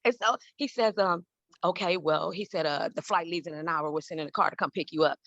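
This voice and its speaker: A woman in her fifties from Southern California, telling stories in an interview and acting out every voice with big jumps in pitch. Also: fairly quick, fairly bright tone, dry recording, lo-fi sound. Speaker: guest, celebrity hair stylist. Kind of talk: animated storytelling in an interview.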